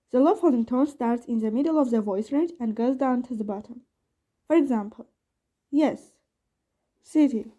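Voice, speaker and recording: A woman's voice: on the high side, mellow, highs cut off. A young woman student from Armenia, reading a lesson on intonation and demonstrating tones. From Artsakh, Armenia. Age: young adult.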